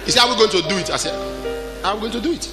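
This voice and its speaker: A Nigerian male preacher with a high voice delivers a sermon in rapid-fire bursts over background music. He exhorts his listeners, swinging from shouting to quiet storytelling.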